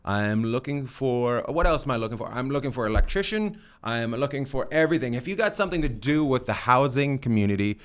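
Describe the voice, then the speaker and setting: A man's voice: mid-range voice, expressive, a little fast, few pauses, clean tone. A middle-aged man hosting a podcast, chatting in a rambling, joking, self-deprecating way. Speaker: podcast host. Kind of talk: casual chat.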